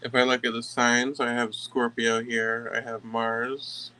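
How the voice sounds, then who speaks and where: Man, tarot reading vlog, slow delivery, emphatic, halting restarts. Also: mid-range voice, level tone, sharp tone, clean tone, low-quality recording. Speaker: tarot reader.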